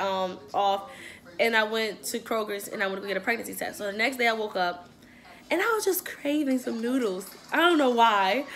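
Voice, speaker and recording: A young adult woman vlogger telling a casual storytime while eating, animated and profane, laughing often. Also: a little high.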